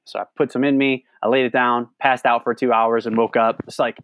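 A man's voice: medium pitch, fairly even intonation, quick pace, few pauses, clean tone, dry recording, phone-quality sound. A man, a podcast guest, telling a long trail story in a casual, rambling way, full of "like" and restarts. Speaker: guest, long-distance hiker.

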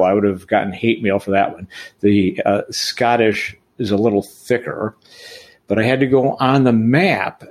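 A man's voice: on the low side, darkish tone. A man hosting a podcast interview, chatty and joking, often correcting himself. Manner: jokey, rambling, self-correcting. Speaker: podcast host.

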